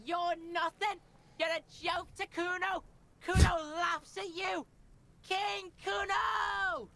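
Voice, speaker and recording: Video game voice acting: a swaggering, foul-mouthed Liverpool street kid, played by a woman with a high voice. He taunts with profanity and refers to himself by name in the third person. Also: fairly even intonation, slow, fairly bright tone, exaggerated voice. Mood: gloating.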